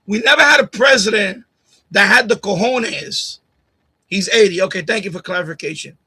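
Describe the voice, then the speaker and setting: Combative high bright-voiced man ranting. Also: normal speed, slightly rough, low-quality recording. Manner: combative, repetitive, talks straight at a viewer. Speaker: live stream host. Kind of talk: ranting live stream chat. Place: home streaming setup. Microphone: USB condenser mic on boom arm.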